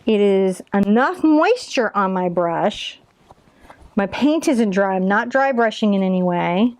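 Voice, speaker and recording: A woman's voice: medium pitch, animated, a little slow, a little mellow, no room sound. A woman in her forties teaching a live painting lesson, chatty and encouraging as she talks through each brush stroke. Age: 40s. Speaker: painting instructor.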